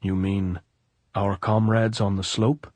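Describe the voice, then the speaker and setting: A man reading a calm, weary lieutenant. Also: fairly low pitch, dry recording. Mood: calm, tense. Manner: calm, measured, reasoning. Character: quiet, weary young army lieutenant, man.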